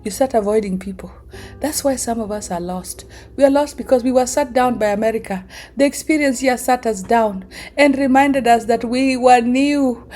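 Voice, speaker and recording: A woman's voice: a little high, warm tone. A middle-aged woman from Kenya with a Kenyan accent, telling stories in a casual vlog, laughing often and acting out the voices she quotes. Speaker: vlogger. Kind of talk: casual storytelling monologue.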